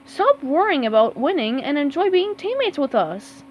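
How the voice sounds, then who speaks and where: A woman's voice: sits high, big pitch swings, normal speed, darkish tone, pitched above the performer's own voice. Sandy, a woman voicing an upbeat squirrel friend. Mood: encouraging. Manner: upbeat and reassuring. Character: cheerful encouraging female squirrel. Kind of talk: storybook read-aloud.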